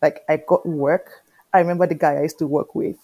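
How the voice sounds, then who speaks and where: A woman in her thirties speaks as an interview guest with a fairly low voice. She tells her story with lively energy and keeps checking in with "do you understand?". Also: a little fast, lo-fi sound. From Nigeria. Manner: animated storyteller, often asking "do you understand?". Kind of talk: conversational interview.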